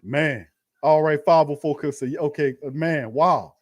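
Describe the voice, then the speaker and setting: A man hosting a fan watch party, calling plays in a slangy, animated way and talking to his chat. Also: a little high, a little slow. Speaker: fan host doing live play-by-play. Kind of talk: excited watch-party commentary.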